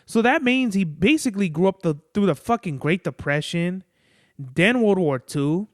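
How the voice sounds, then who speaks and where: A man's voice: sits high, expressive, moderate pace, no echo, studio quality. A man hosting a podcast, rambling in casual chat, swearing often and peppering his talk with "like" and "bro.". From Mexican-American family. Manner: rambling, profane, lots of "like" and "bro". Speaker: podcast host. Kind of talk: casual solo monologue.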